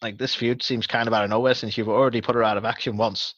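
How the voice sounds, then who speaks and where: A man's voice: medium pitch, little pitch movement, fast talker, a bit bright, no room sound, highs cut off. A man co-hosting a wrestling podcast, chatting casually with rambling sarcastic asides and plenty of swearing. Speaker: podcast co-host.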